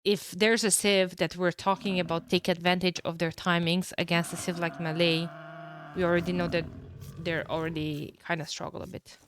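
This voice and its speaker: A woman commentating a strategy game match, her voice hoarse from being sick, talking at low energy with throat-clearing and fillers. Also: little pitch movement, moderate pace, slight background noise. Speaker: tournament caster.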